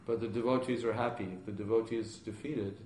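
Male spiritual teacher, lowish voice, calm plain explaining in a roomy hall with faint hiss. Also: fast talker. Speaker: spiritual teacher answering questions. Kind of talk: question-and-answer class. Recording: echoey room with background noise.

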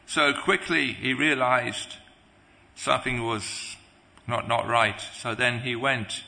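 A man preaching a devotional sermon, halting, with many restarts and pauses. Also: mid-range voice, fairly even intonation, vocal fry, sharp tone, in a large hall.

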